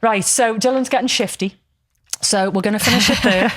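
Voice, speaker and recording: A woman's voice: medium pitch, a little fast, fairly bright tone, no echo. A woman co-hosting a podcast in casual chat, talking in a rambling, frank and jokey way. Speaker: podcast co-host.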